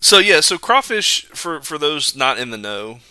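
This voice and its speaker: A man's voice: fairly high pitch, big pitch swings, unhurried, bright, forceful tone, clean tone, no room sound. A man co-hosting a podcast, chatting casually and telling jokey stories. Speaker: podcast co-host. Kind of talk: casual chat.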